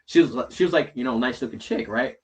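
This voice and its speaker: A man's voice: mid-range voice, a little fast. A man guesting in a casual chat, telling a rambling story in slang, full of fillers and swearing.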